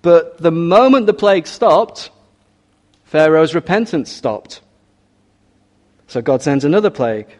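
A man preaching a sermon in an earnest, measured way, often asking his listeners rhetorical questions. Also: fairly high pitch, animated, darkish tone.

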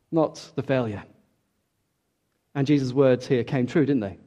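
A man preaching a sermon, emphatic, dropping soft and then rising loud for key points. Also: medium pitch, measured pace, pauses often.

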